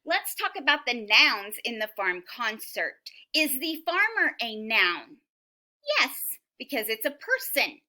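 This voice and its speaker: Woman teacher reading a picture book to little kids, really bright piercing voice, slow and sing-songy. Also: a little high. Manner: animated, questioning, sing-song teacher talk. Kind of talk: reading a picture book aloud to young children.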